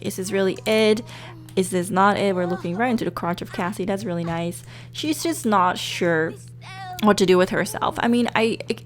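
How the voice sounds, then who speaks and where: A woman's voice: mid-range voice, a little hiss or hum. Chatty young woman narrating a game. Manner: chatty, excitable, many fillers. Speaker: gaming YouTuber. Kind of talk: casual let's-play commentary.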